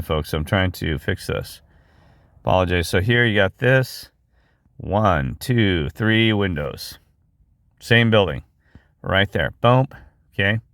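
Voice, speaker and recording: Excitable man, dry close voice. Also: deep voice, no echo. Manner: excitable, rambling, exclaims and restarts often. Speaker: video host. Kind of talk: excited screen-share commentary.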